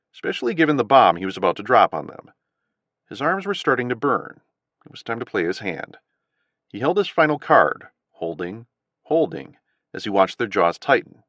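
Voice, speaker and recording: A low-pitched man reads a gritty thriller audiobook with an animated, rising-and-falling delivery. The recording is dry and close, with no room sound. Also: dry recording. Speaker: audiobook narrator. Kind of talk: scripted narration.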